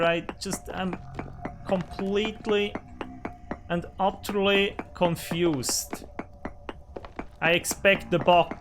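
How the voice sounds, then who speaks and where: A man hosting a let's play, commenting on his survival game and swearing at it in frustration. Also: high voice. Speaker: gaming channel host. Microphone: desk microphone.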